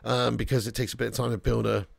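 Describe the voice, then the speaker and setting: A man live-streaming a football video game, chatting casually with viewers, reading out their messages, swearing and bursting into excited cheers. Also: mid-range voice, fast, gravelly, dry recording, studio quality. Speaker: gaming streamer.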